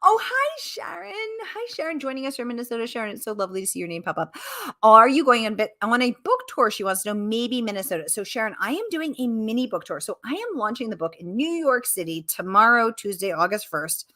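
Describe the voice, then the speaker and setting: A middle-aged woman author answering questions in a casual livestream Q&A, animated and exclamatory, breaking into quick laughs. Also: fairly high pitch. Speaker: author being interviewed.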